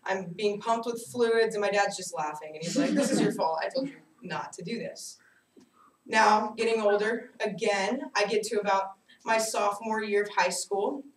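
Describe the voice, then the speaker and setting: A young adult woman giving a personal storytelling speech to a class, animated and self-mocking as she tells her stories. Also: mid-range voice, normal speed. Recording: echoey room, distant mic, faint hiss.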